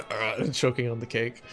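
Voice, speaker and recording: A man playing in a tabletop game, talking in a halting, amused way. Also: medium pitch, fairly bright tone. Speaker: player.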